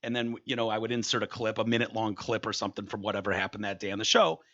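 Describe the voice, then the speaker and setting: A man's voice: on the low side, very fast, highs cut off. A man hosting a podcast, telling stories in casual chat and swearing freely. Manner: swears freely, animated storytelling. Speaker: radio host.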